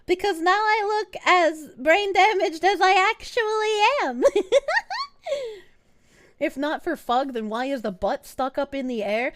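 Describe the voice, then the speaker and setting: A woman's voice: sits high, a little slow, fairly bright tone. A woman streamer chatting casually with her viewers, playful and crude, with lots of swearing. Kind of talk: casual live-stream chat.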